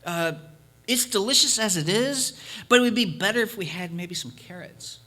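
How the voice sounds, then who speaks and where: A man's voice: sits high, moderate pace, bright, forceful tone, voice pushed up. A man voicing a cheerful male traveler who coaxes villagers into his stone soup with eager salesman patter.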